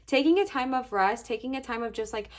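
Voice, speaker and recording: A woman's voice: a little high, fast talker. Chatty young woman giving a tarot reading. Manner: chatty and reassuring, lots of "okay, bestie?" and "like". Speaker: tarot reader. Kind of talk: casual pick-a-card tarot reading to camera.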